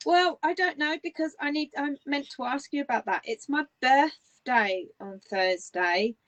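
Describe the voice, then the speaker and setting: A woman from northern England, co-hosting a crafting podcast in casual chat, encouraging and quick to agree. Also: high-pitched, low-quality recording. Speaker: podcast co-host.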